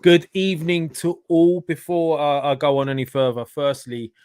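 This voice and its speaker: A man's voice: a little high, level tone, moderate pace, darkish tone, smooth, no echo, clean studio sound. A man, hosting a casual online football show over a video call, loose and chatty. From England. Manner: chatty, loose, laughs at own slips. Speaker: podcast host.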